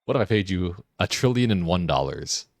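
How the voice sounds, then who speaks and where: A man streaming a game, chatting casually, joking and laughing often, and getting excited as he rambles. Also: sits low, fairly quick, no echo, studio quality. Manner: gets excited and rambling when riffing. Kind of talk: casual live-stream chat while gaming.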